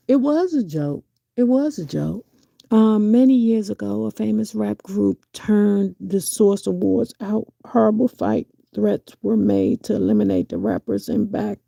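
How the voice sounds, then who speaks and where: A middle-aged woman in casual live-stream commentary, reading viewers' chat and giving frank, profane opinions full of rhetorical questions, her pitch jumping up sharply when she exclaims. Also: gravelly, mellow, breathy edge, no echo, studio quality.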